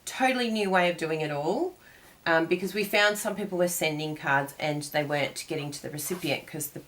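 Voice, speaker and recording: A woman's voice: sits low, fairly bright tone, a little hiss or hum. A woman hosting a cardmaking tutorial, chatting casually and digressing as she crafts.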